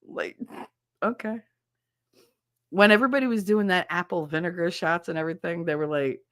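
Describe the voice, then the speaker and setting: A woman streamer chatting casually while she works, telling animated stories, laughing often and acting out the people she quotes. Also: lowish voice, fairly quick, no echo, clean studio sound. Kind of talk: casual chat while doing a task.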